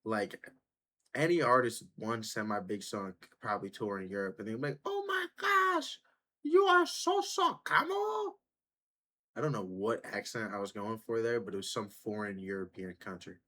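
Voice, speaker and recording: Male reaction host, husky voice, blunt and profane, casual slang delivery. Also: lowish voice, brisk, a bit bright.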